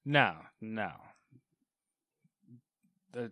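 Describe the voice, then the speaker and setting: A man's voice: fairly low pitch, lively intonation, extremely slow, sharp tone, dry recording. A man hosting a gaming podcast, talking casually in a dry, self-deprecating way that often trails off. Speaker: podcast host.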